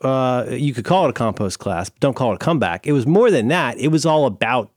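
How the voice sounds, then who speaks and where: A playful man riffing through casual podcast banter, his pitch bouncing around a lot. The sound is close and dry with no room in it. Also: expressive, fast talker, no room sound. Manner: jokey, tosses in bits and mock Spanish. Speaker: podcast co-host.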